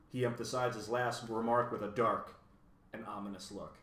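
A man's voice: lowish voice, steady tone, moderate pace, a bit bright. A man reading a children's novel aloud, with casual asides to viewers, recorded in an echoey room. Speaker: reader.

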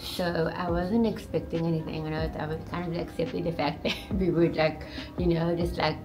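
Chatty South African woman, lower voice. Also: little pitch movement, normal speed. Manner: chatty, full of "like" and "you know" fillers, laughs often. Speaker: co-host, partner of the channel host. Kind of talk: casual chat. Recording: background music under the voice. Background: music.

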